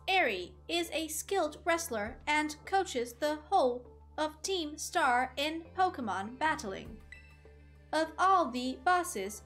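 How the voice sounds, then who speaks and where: A woman voicing a robotic synthetic female messenger while reading game dialogue aloud, speaking slowly and evenly with deliberate pauses. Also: high-pitched, fairly bright tone.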